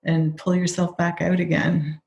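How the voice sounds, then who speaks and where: A woman's voice: lowish voice, little pitch movement, a little slow, vocal fry, a little mellow, roomy sound. A woman hosting a conversational interview, agreeable and affirming as she adds points. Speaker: podcast host.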